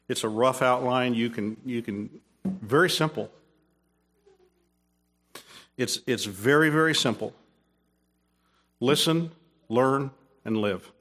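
A man's voice: mid-range voice, fairly bright tone. A man pastor preaching a sermon, earnest, repeating phrases and restarting, rising emphatically when pressing a point.

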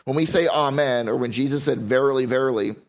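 A male pastor preaching a Bible sermon, slowing down to stress key phrases and mixing in casual, humorous asides. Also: mid-range voice, fairly even intonation.

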